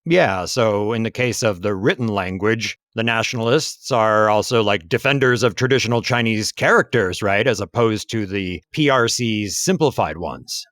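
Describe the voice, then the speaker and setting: A man co-hosting a history podcast, talking in a relaxed, musing way with frequent fillers. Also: lowish voice, moderate pace, few pauses, no room sound, studio quality. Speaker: podcast co-host. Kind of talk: casual history podcast chat. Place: lives in Taiwan.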